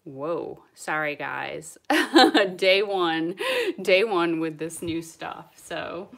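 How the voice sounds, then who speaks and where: A woman hosting a live-stream toy unboxing. She chats excitably and answers viewer comments as she opens toys. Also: fairly low pitch, drawn-out words, gravelly. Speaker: toy channel host. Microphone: camera mic on live stream.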